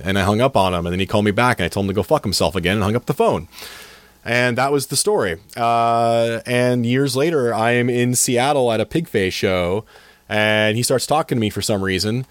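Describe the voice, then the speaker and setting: A man's voice: medium pitch, a little fast, no echo. A man in his forties, a podcast co-host, telling a profane, rambling story full of restarts in casual chat. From Eastern Washington, USA.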